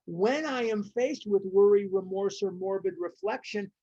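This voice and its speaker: A woman with a mellow, mid-range voice leads a recovery study group at normal speed, reading passages aloud and commenting with emphatic, repeated phrases. There is no room sound, and the audio is dull and muffled.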